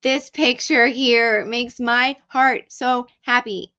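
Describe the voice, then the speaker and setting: A woman's voice: fairly high pitch, steady tone, takes it slowly, sharp tone. A middle-aged woman hosting a casual livestream, chatting loosely, swearing freely and reading out comments from viewers. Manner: chatty and profane, reads chat aloud, drifts off-mic. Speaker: livestream host. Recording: dull lo-fi stream audio.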